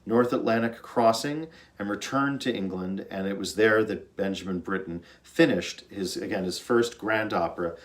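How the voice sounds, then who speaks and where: Man, conductor, fairly low voice, earnest storyteller, informal music talk. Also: moderate pace, hardly any pauses. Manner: earnest, storytelling, with fillers and restarts. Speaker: orchestra conductor.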